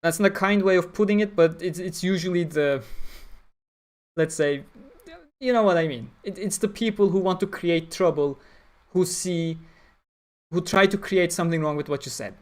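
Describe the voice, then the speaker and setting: A man's voice: sits high, moderate pace, pauses often. A man chatting casually on a livestream, reading and answering chat with blunt, opinionated talk. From Turkey. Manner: opinionated, blunt, talks through ideas with fillers.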